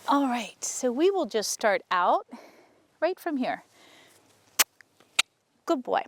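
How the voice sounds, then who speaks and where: A woman horse trainer talking casually to her viewers while working a horse outdoors, often breaking off to softly praise the horse. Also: fairly high pitch, very animated, slow pace, long pauses. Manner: chatty, soothing praise to the horse. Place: outdoor arena.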